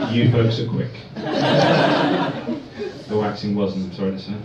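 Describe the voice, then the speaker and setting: A man performing a stand-up comedy set in a club, telling deadpan one-liners. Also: on the low side, extremely slow, long pauses, distant mic, over a noisy crowd, heavy background noise. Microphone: far phone recording. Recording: echoey dull phone recording from afar.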